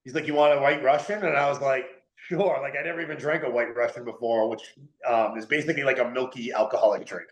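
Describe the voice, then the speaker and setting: Fast, with few pauses and fairly even intonation, this mid-range male voice belongs to a New Englander guesting on a podcast. He rambles casually through the interview chat, full of "like" and "dude," in an echoey space.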